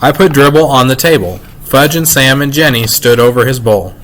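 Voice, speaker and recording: A man reading a children's novel aloud in an expressive, lively storytelling manner. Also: medium pitch, moderate pace, a little hiss or hum, rough recording. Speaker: reader.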